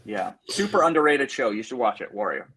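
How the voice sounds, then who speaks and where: A man's voice: mid-range voice, very animated, fairly quick, pushed and bright, husky. English-born guy w mostly american accent, chatty actor on a podcast, lots of restarts. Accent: American with traces of English. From England. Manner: chatty storyteller, frequent restarts and asides. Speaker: actor guest. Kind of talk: casual podcast interview.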